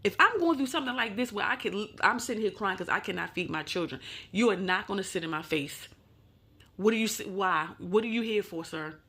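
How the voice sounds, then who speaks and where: A woman host delivers blunt, scolding commentary with heavy emphasis. Her pitch sits in an ordinary middle range, and she talks close to the mic. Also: expressive, a little fast, pushed and bright, breathy edge. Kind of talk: reaction commentary.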